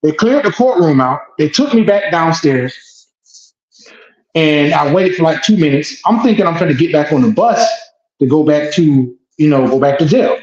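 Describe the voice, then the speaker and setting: A man who is a guest telling an emotional first-person story, animated and blunt, repeating phrases and swearing. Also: fairly high pitch, normal speed. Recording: echoey dull lo-fi room.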